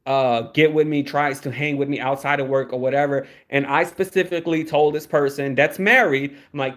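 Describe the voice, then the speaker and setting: A man's voice: mid-range voice, moderate pace, few pauses, a bit bright. Rambling young man on a livestream. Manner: rambling, repeats words, swears freely. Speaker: YouTube commentator. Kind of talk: casual livestream commentary.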